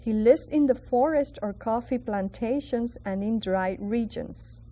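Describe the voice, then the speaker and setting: Slow, warm-voiced Puerto Rican woman teacher. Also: fairly high pitch, slight background noise. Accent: Puerto Rican Spanish. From Puerto Rico. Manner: slow, drawn-out teacherly pronunciation drills. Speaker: Spanish teacher. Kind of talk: classroom TV lesson.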